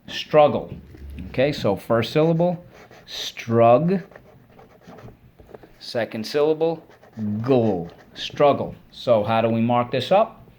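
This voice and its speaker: A man's voice: medium pitch, expressive, measured pace, a little mellow. A man teaching children their spelling words in a video lesson. He goes through each word syllable by syllable and stops to praise pupils he can't see. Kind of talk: online spelling lesson for kids.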